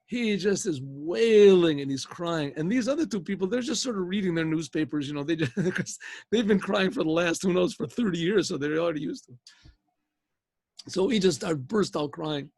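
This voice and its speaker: An older man, a rabbi, telling a rambling, animated story over a video call. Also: high voice, moderate pace, dry recording.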